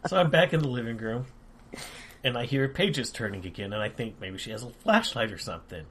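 A man co-hosting a podcast, telling stories in a relaxed, dry way with short laughs. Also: mid-range voice, a little fast, slight background noise. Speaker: podcast co-host. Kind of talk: casual chat.

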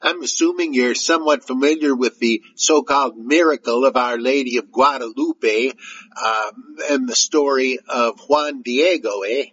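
A man reading a listener's letter in a put-on joking Canadian accent, adding "eh" to his sentences, with a husky voice. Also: medium pitch, a little slow, a bit bright, lo-fi sound. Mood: jokey. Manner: tacks on "eh" to sentences.

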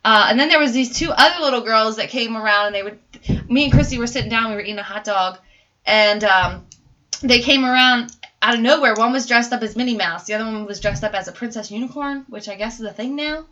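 Podcast host, woman, high and bright voice, chatty and animated storyteller. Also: fast, dull audio. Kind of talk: casual chat.

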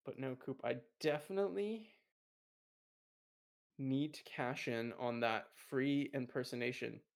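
A young man co-hosting a casual podcast, playful and teasing, quick to laugh. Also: medium pitch, gravelly. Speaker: podcast co-host. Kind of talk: casual chat.

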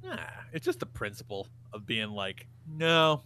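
Animated, bright-voiced man telling stories. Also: medium pitch, a little slow, slight background noise. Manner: animated profane storytelling, acts out his son's voice. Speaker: podcast co-host. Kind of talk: casual comedy podcast chat.

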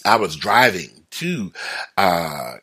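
Animated man, bright lively voice. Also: sits low, slow pace, slightly rough. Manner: animated, acts out everyday quotes, chuckles often. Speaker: broadcast speaker. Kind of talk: reflective motivational talk.

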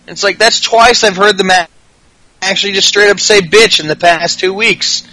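A man's voice: high-pitched, moderate pace, bright, forceful tone, dry recording, low-quality recording. A man hosting a podcast, recapping wrestling in casual, profane chat with frequent laughs. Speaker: podcast host.

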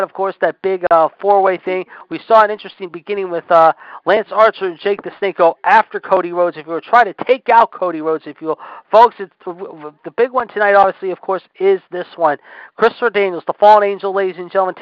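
A man in his forties doing excitable mock wrestling commentary, full of announcer filler phrases. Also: sits high, smooth, no echo, dull audio. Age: 40s. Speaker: play-by-play commentator.

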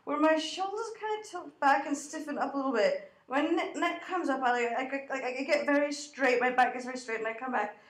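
A woman co-hosting a podcast at a convention, telling a story in an animated way and laughing often. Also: sits high, brisk, few pauses, reverberant. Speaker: podcast co-host. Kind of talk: casual chat. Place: convention room.

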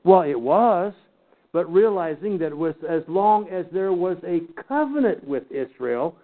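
Bible teacher, man, higher-pitched, folksy teasing lecture, tinny phone-like sound. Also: animated, a little slow. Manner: folksy, teasing asides to the class. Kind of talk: lecture to a class.

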